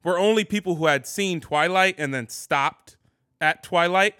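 A man's voice: sits high, measured pace, pushed and bright, clean tone, no echo, clean studio sound. A man co-hosting a podcast, talking casually and laughing between phrases. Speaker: podcast co-host.

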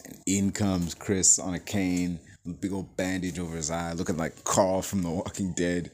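A man hosting a casual movie review, excitable and profane, with lots of "like" and "you know". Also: low-pitched, moderate pace, few pauses.

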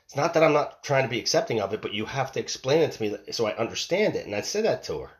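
A man's voice: mid-range voice, animated, quick pace. A man in his forties giving a casual monologue, rambling and emphatic, swearing and repeating himself as he tells a story about his family. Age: 40s. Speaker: father telling a story.

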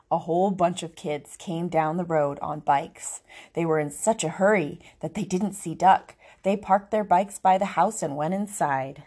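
A woman reading a picture book aloud, expressive, giving each animal its own voice. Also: lowish voice. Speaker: storybook reader.

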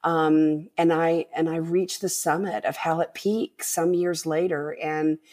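Podcast guest, woman, animated storyteller who acts out the voices of others. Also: sits low, measured pace. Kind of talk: casual storytelling.

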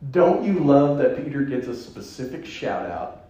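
A man preaching a sermon in a church, playful and animated, dropping suddenly to a hush. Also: medium pitch, moderate pace. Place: church sanctuary. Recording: echoey church hall.

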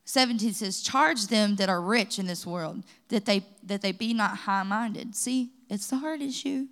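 A woman's voice: mid-range voice, unhurried. A woman from the pastoral staff with a Kentucky accent, preaching at a church Bible study and mixing personal testimony with scripture. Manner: lively storytelling, rising to exhortation. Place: church sanctuary.

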